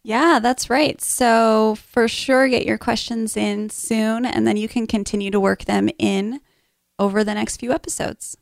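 A woman's voice: fairly high pitch, steady tone, a little slow, gravelly, no room sound, clean studio sound. A woman co-hosting a podcast, chatting in an enthusiastic, encouraging way. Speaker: podcast co-host. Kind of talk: casual podcast chat.

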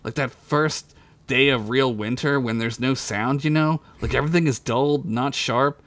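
A man reading the lines of a young woman wizard in a storybook tale, quiet and earnest. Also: medium pitch, moderate pace, lightly acted.

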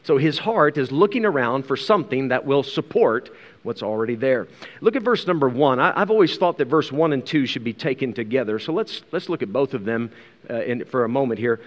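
A man's voice: mid-range voice, expressive, fairly quick, dull audio. A man preaching a verse-by-verse Bible sermon, earnest, often checking in with rhetorical questions and repeating words as he goes. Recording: long hall reverb.

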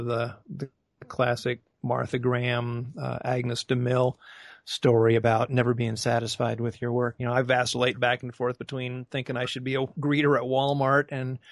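Man co-host, gravelly voice, flat intonation, dry close sound, reflective. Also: medium pitch, no echo. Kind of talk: casual chat.

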